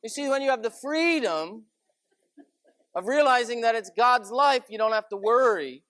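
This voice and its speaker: A man's voice: very high voice, expressive, moderate pace, fairly bright tone, dry recording. A man giving a chatty, conversational sermon full of stories and asides. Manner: folksy, chatty, many asides of "you know". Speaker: preacher.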